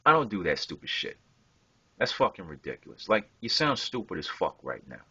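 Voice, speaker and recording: A man's voice: low-pitched, sing-song, a little fast, pushed and bright, breathy edge. A young man, an online gamer, delivering a profane, confrontational rant straight at a rival. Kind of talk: angry rant to camera. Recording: dull lo-fi home recording.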